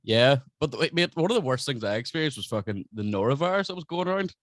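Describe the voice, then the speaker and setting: A man's voice: mid-range voice, expressive, quick pace, no room sound, studio quality. A man, a podcast guest in casual chat, blunt and crude as he tells a story.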